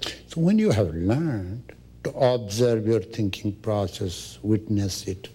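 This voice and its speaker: A man, a spiritual teacher giving an unhurried, instructive meditation talk. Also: fairly low pitch, animated, slightly rough. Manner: unhurried, instructive, with soft asides.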